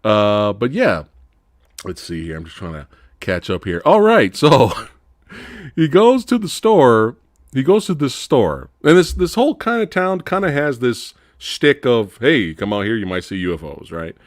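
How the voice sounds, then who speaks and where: A man hosting a casual movie review chat, animated, laughing often and acting out characters in high voices. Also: a little slow, no room sound, studio quality. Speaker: host.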